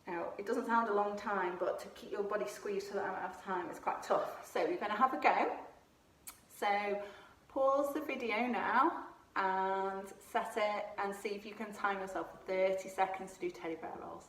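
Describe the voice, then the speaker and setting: In a mid-range voice with fairly even intonation and a normal pace, a woman runs a home exercise lesson for children. She's encouraging, demonstrates each gymnastics move while talking, and is slightly breathless at times, heard from a distance in a reverberant room.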